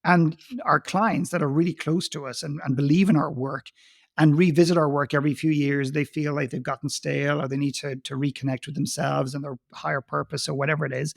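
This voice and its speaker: A guest coach on a conversational podcast interview speaks emphatically, telling stories and acting out quotes. His voice is a little high with vocal fry, fairly even intonation, and a brisk pace, recorded in studio quality with no echo.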